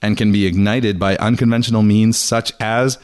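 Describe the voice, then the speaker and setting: A man's voice: fairly low pitch, fairly even intonation, normal speed, a little mellow, clean tone. A young man hosting a podcast, chatting casually, laughing often and reading out articles. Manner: chatty, laughs often, reads quotes in a mock voice. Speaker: podcast host.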